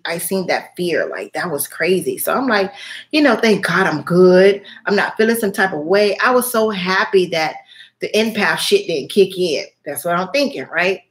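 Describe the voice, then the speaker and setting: A woman tells a personal story straight to her camera in a loose, chatty way. She swears freely and leans on fillers as she goes. Her voice sits a little low. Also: a bit bright. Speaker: spiritual reading channel host. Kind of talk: casual storytelling vlog.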